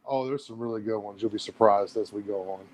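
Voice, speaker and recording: A man's voice: fairly low pitch, steady tone, quick pace. A man co-hosting a casual podcast, teasing his friend in an easygoing way. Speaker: podcast co-host. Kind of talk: casual chat.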